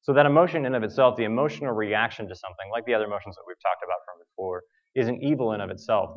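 An American man preaching a sermon, telling a personal story in a halting way with many fillers and restarts. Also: fairly low pitch, lo-fi sound. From United States.

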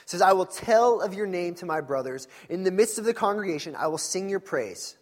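A man preaching a sermon in a church, in a conversational and animated storytelling manner with frequent asides. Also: high voice, a little fast. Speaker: pastor.

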